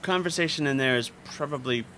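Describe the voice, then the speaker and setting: Guy running a tabletop game, bright voice, casual, rambles a bit. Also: medium pitch, fairly quick, a little hiss or hum. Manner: casual, rambling, laughs often. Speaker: game master.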